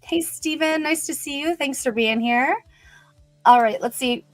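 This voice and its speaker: Woman host, higher voice, upbeat and chatty, dry close sound. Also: a little slow, no echo, soft background music. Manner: chatty and upbeat, many "you know" fillers. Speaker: host of a brand livestream. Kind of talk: casual livestream chat, greeting viewers and reading comments.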